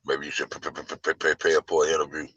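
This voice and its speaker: A man mimicking a caller as a slow, deep-voiced, mock-solemn man who stutters over his words. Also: flat delivery, pushed and bright, breathy edge, no room sound, muffled recording, heavily acted.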